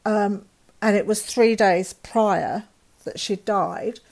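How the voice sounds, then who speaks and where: A woman's voice: mid-range voice, steady tone, slow pace, a little mellow. A middle-aged woman, a guest telling a painful personal story candidly and acting out the dialogue of others.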